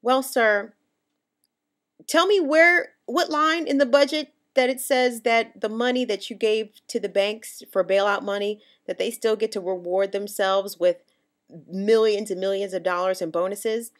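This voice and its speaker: A woman's voice: medium pitch, measured pace. An American woman talking straight to the camera, passionate and emphatic, often stumbling and restarting mid-sentence. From United States. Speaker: vlogger. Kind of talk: direct-to-camera political rant.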